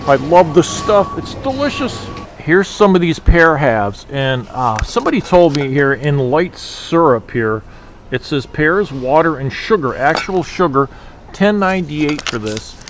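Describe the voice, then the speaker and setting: A man's voice: a little high, very animated, measured pace, a little hiss or hum. A man filming a casual shopping vlog, walking a big warehouse store and talking to the camera in an exasperated way about prices. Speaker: shopping vlogger.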